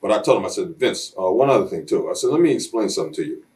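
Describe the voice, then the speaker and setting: Rapid-fire and low, with a darkish tone and lively intonation, this man tells blunt street stories as a sit-down interview guest. He acts out quoted voices throughout the shoot-interview storytelling.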